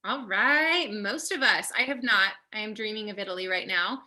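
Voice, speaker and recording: A woman's voice: mid-range voice, normal speed, pushed and bright. Upbeat chatty woman hosting a tasting. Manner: chatty, upbeat, lots of fillers. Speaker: host of online wine tasting. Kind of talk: casual hosting.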